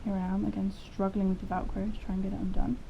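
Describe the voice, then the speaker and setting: A woman's voice: medium pitch, flat delivery, fast talker, creaky. A woman casually narrating a horse-riding vlog in a chatty, rambling, self-deprecating way. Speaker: horse vlogger. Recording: dull lo-fi sound with faint noise.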